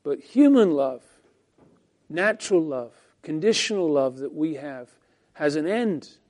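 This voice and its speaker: A male pastor teaches from the Bible at a measured pace in a high but mellow voice, soft at the edges and never sharp. His preaching is expressive, pressing some lines hard and letting others drop nearly to a hush.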